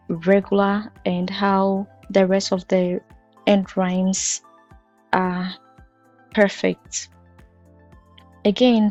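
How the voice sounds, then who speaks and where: Woman teaching a poem, measured. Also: medium pitch, darkish tone. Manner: measured, explanatory, with fillers. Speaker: literature teacher. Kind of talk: exam-prep poetry lesson. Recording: dull lo-fi audio with faint music.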